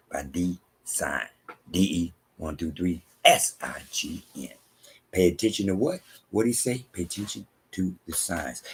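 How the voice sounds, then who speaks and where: A man preaching a monologue, reading scripture aloud and repeating his points emphatically, often dropping to hushed asides. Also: deep voice, creaky, husky.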